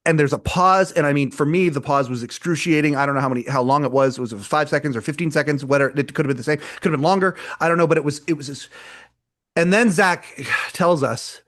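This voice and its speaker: Man, somewhat high voice, rambling casual podcast chat, repeats himself. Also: fast talker. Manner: rambling, repeats words, animated retelling. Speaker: podcast co-host. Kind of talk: casual chat, retelling a live show.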